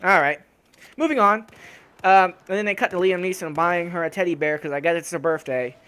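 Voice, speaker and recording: A young man with a slightly high voice rants casually over gameplay as a YouTuber. He swears constantly and gets worked up, breaking into laughs as he talks into a home desktop mic. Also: fairly quick, clear, resonant tone. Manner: profane, animated ranting with laughs. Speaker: gaming YouTuber.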